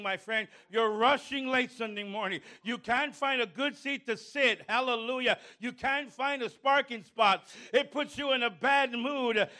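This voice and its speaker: A male pastor preaching a sermon, calling on the congregation and rising to shouts. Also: very high voice.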